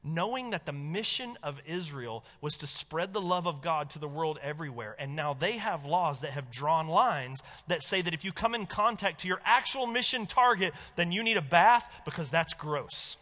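Guy preaching a sermon, kinda high voice, super emphatic, big echoey church hall. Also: moderate pace, hardly any pauses. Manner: animated, emphatic preaching, dropping low for stress. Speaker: pastor.

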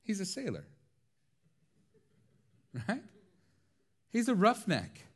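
A man preaching a sermon, telling stories in a lively, laughing way. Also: high voice, slow pace, slightly rough. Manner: animated storytelling with frequent laughs. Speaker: pastor.

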